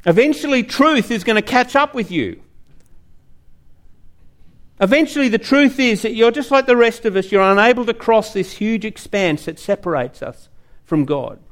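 Earnest male preacher, high-pitched, storytelling sermon. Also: expressive, normal speed, fairly bright tone.

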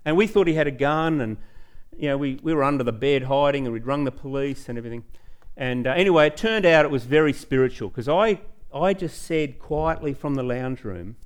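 A middle-aged man, preaching a sermon in a church and telling personal stories with growing excitement. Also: mid-range voice, fairly quick, few pauses. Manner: storytelling, animated, rising excitement. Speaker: pastor.

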